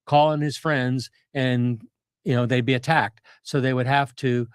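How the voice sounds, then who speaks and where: In a clear, resonant, middle-pitched voice with fairly even intonation, an older retired Navy captain talks as a guest historian at a measured pace. Recorded dry and close with no room sound, he gives detailed, conversational history explanations that ramble and circle back through fillers and restarts.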